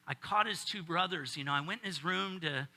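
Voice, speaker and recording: A man's voice: on the high side, fairly quick, pushed and bright. A middle-aged male pastor preaching a casual sermon, joking and bantering with his congregation.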